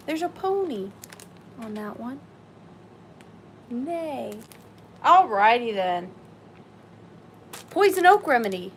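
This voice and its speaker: A woman hosting a live-stream sale, chatting excitedly and greeting viewers by name. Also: on the high side, slow, long pauses, a little hiss or hum, low-quality recording. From Southern US.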